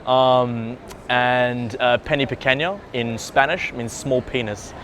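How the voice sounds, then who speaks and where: A man's voice: mid-range voice, little pitch movement, slow, fairly bright tone, slight background noise. A man talking to the camera as a dating coach, in loose, slangy speech full of "like" and "bro", with the odd swear word. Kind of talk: casual coaching talk to camera.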